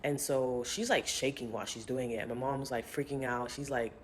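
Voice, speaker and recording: A woman's voice: extremely low pitch, moderate pace, a little hiss or hum. Chatty young woman telling a story. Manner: chatty, animated quoting of others, frequent "like". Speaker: vlogger. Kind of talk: casual storytelling to camera.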